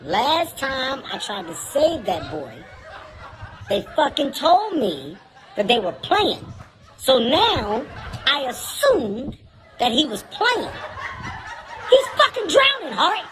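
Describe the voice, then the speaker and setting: Animated, profane male comedian telling a story. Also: extremely high pitch, slow pace. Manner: animated, profane, laughing through lines. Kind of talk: comic storytelling.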